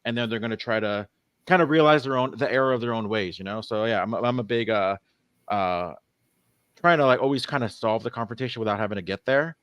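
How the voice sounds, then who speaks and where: A man's voice: mid-range voice, fast, fairly bright tone, clear, resonant tone, no echo, muffled recording. A man co-hosting a podcast in casual chat, rambling and hesitant, with frequent restarts and little laughs. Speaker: podcast co-host.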